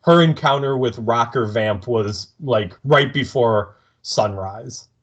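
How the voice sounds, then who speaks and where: Male podcast co-host, casual chat, chimes in laughing, mid pitch. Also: slow pace. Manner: laughs often, chiming in and quoting lines. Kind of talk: casual chat recapping a TV episode.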